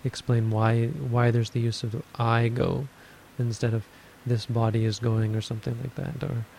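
Gravelly, flat-voiced man teaching meditation. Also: medium pitch, slight background noise, low-quality recording. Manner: measured, explanatory, thinks aloud. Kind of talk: dharma talk on meditation.

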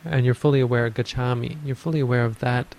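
Gravelly, flat-voiced man teaching meditation. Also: medium pitch, poor audio. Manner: measured, explanatory, thinks aloud. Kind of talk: dharma talk on meditation.

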